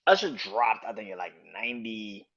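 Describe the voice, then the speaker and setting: A man hosting a casual solo podcast, talking in a loose, profane, excited way and laughing often. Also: lowish voice, brisk, slightly rough, muffled recording. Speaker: podcast host.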